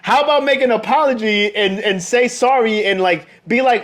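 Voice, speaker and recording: A man's voice: very high-pitched, a little fast, hardly any pauses. A man co-hosting a podcast, chatting loosely, with frequent stammers and restarts. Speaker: podcast co-host. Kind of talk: casual chat.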